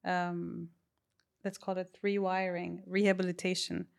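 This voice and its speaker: A woman bodywork practitioner as a podcast guest, explaining in a calm, measured, unhurried way. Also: on the low side, gravelly. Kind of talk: reflective interview talk.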